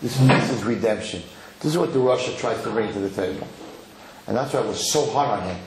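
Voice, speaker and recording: Animated rabbi in an echoey hall. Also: male voice, on the low side, a little fast. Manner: animated, acts out quotes, repeats words. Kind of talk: Torah lecture. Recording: echoey hall with faint noise.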